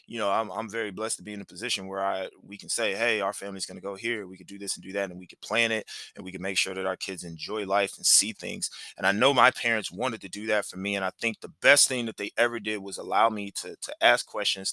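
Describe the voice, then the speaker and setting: An earnest man tells a personal story on his podcast in a rambling, heartfelt way and keeps circling back on himself. His voice is very bright and forward. It is recorded close and dry. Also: fairly low pitch, vocal fry, no room sound. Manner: rambling, earnest, with many restarts and asides. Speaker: podcast host. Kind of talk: reflective storytelling monologue.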